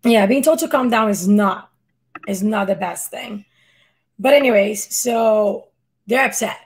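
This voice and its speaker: A woman with a squeaky voice doing casual live reaction commentary, exasperated and rambling, often restarting her sentences. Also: measured pace, creaky. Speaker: reaction streamer.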